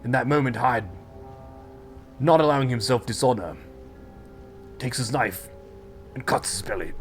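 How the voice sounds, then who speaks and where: Man, game master, dramatic fight narration, spoken sound effects, mid-pitch, faint music. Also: animated, moderate pace, long pauses.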